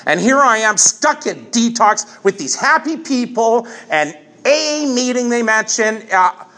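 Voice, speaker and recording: A man in his fifties telling his own recovery story from the front of a meeting room, candid and halting, often restarting and repeating phrases. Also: extremely high pitch, lively intonation, sharp tone. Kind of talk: personal testimony at a recovery meeting.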